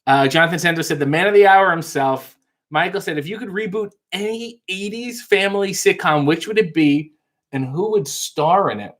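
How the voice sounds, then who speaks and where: Male live-stream host, higher voice, dry deadpan delivery with mock-insulting jokes, reading chat. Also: moderate pace.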